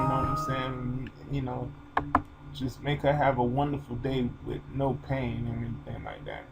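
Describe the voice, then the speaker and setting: A man's voice: mid-range voice, fairly even intonation, moderate pace, vocal fry, music in the background, low-quality recording. A man talking to his channel in an emotional, informal, rambling way, full of fillers. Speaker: vlogger. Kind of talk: personal video monologue.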